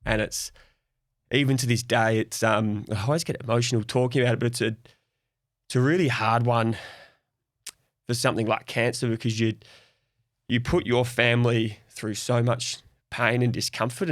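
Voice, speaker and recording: A man's voice: medium pitch, fairly even intonation, normal speed, no room sound, studio quality. A young Australian man speaking openly and reflectively as a guest in a podcast conversation. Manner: open, reflective, soft-spoken.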